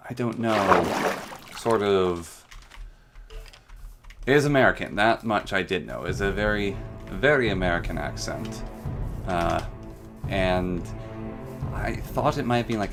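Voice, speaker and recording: Gravelly low-voiced man streaming a game. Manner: playful, chatty, rambling asides. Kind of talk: casual gameplay commentary. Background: background music and keyboard typing.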